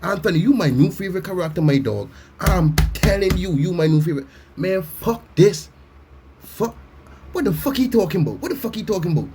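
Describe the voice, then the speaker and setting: A man giving a loud, blunt comic reaction rant, swearing and mocking as he talks. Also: high-pitched, expressive, fast talker, slight background noise. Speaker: reaction commentator. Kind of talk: profane comedic reaction rant.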